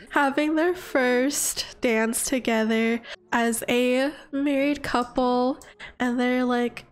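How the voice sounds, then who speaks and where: Young woman, high-pitched, gushing and excitable game commentator. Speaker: gaming channel host. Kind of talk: life-sim gameplay commentary.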